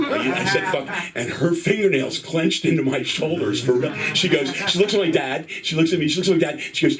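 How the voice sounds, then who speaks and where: A man's voice: mid-range voice, brisk, hardly any pauses, recorded from a distance. A middle-aged man telling a profane stand-up story on a club stage and acting out the other voices in it. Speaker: stand-up comic. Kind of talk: stand-up set. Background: live audience.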